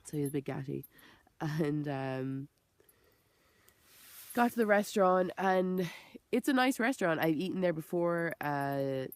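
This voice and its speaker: A woman's voice: low-pitched, lively intonation, unhurried, long pauses, no room sound. A woman with an Irish accent and a chest infection, talking in a rambling, frank vlog monologue full of "like" and self-corrections, swearing freely. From Ireland. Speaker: vegan vlogger.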